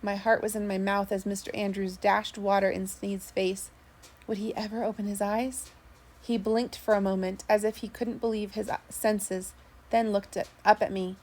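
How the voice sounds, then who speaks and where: A woman's voice: medium pitch, normal speed. Woman reading an audiobook. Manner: steady storytelling with small slips. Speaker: audiobook narrator. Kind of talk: first-person audiobook narration.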